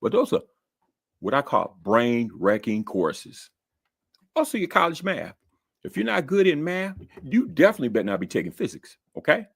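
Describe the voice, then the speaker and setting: A man's voice: on the high side, wildly swooping pitch, moderate pace, creaky, slightly rough. A man giving casual, joking advice to new college students, often repeating words as he talks. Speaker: college advisor giving tips. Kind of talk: casual talk-to-camera advice.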